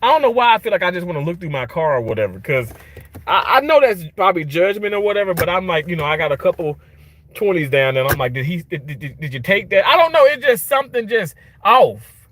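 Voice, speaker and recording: A man's voice: high voice, very animated, fast talker, fairly bright tone, no echo. A man ranting in a casual vlog from his car, frustrated and swearing as he rambles. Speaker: vlogger.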